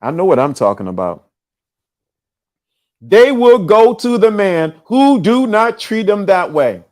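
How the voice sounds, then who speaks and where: A male livestream host talks in a loose, animated way, laughing between points and slipping into street slang. His voice sits a little above the usual male range. The delivery is casual and unscripted. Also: high voice, a little slow.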